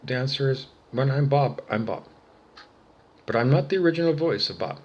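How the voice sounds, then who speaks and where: A man ranting angrily and profanely to the camera, swinging between low muttering and loud outbursts. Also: animated, normal speed, highs cut off, a little hiss or hum. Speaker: vlogger. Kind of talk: angry solo rant to camera.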